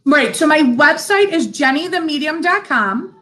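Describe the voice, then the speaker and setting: High-voiced chatty woman medium. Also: animated, moderate pace, sharp tone. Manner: chatty storyteller, laughs easily, many fillers. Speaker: psychic medium guest. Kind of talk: casual interview chat.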